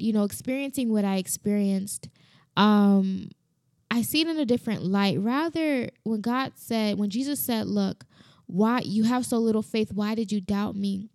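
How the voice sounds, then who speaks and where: A woman's voice: medium pitch, a little mellow, no room sound. A woman giving an earnest devotional sermon, sharing personal testimony with heavy repetition. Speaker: preacher.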